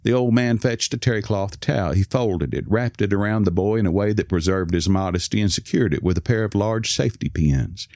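A man with a low, deep voice reads a story aloud in a calm, measured way. The recording is dry and close, with no echo. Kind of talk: scripted narration.

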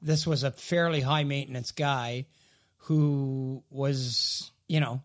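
A man's voice: mid-range voice, steady tone, slow pace. A man co-hosting a casual hockey podcast, opinionated and repeating words as he gets his sentences going. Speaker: podcast co-host.

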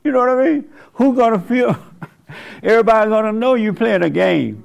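Gravelly-voiced man preaching off the cuff. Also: high-pitched, lively intonation, moderate pace, dull audio. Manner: laughs at his own remarks; rambling, drawled and colloquial. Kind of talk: casual preachy monologue.

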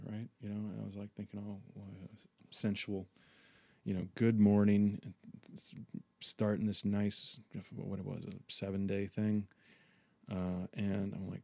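A man talks through a personal story as a podcast host, in a low, mellow voice with a gravelly edge. He rambles, swears freely and leans on fillers and restarts. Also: level tone, moderate pace. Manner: rambling, profane, many fillers. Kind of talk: candid personal monologue.

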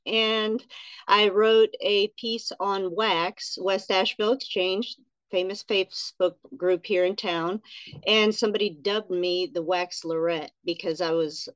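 An earnest woman in her forties tells her story as a podcast guest, animated and sincere. Her voice comes through a dull, lo-fi line with a dry sound and no room echo. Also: mid-range voice, a little slow, clean tone. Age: 40s. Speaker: guest, nurse and writer. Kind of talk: casual interview chat.

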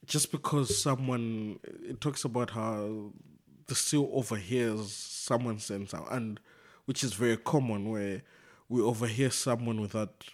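A man's voice: on the low side, measured pace. A man in a casual book discussion, retelling a comic in a rambling, hesitant way with frequent fillers. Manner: rambling, retells a comic with quoted voices, laughs. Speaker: podcast co-host discussing a book.

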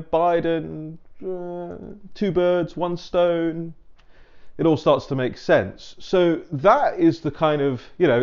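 A man's voice: medium pitch, a little mellow. Man, mid-range voice, casual digressive commentator; dull home-mic sound. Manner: chatty, digressive storyteller who acts out dialogue. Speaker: political commentator.

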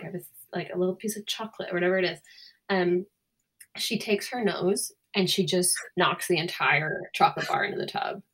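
A young podcast co-host chats casually, narrating a story with energy and dramatizing the quotes. Her voice is lowish and husky.

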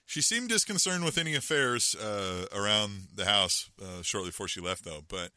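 Rambling middle-aged man, bright and lively. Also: fairly low pitch, normal speed, clean tone, no echo. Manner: rambling, self-mocking storyteller with many fillers. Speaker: podcast co-host. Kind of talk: casual chat.

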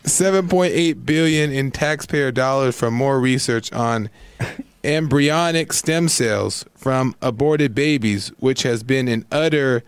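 A man on a radio talk show panel who laughs nervously and reads in a halting way. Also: mid-range voice, clean tone, no echo. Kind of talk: casual studio talk show.

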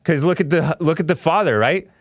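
A man's voice: on the high side, brisk, no room sound, clean studio sound. A man hosting a talk show, delivering an opinionated, sarcastic monologue and laughing often at his own remarks.

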